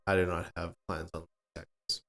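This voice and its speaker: A man chatting casually as game master about his tabletop campaign, pausing often and filling gaps with "um" and "like". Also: deep voice, little pitch movement, fairly bright tone. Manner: hesitant, full of "um" and "like".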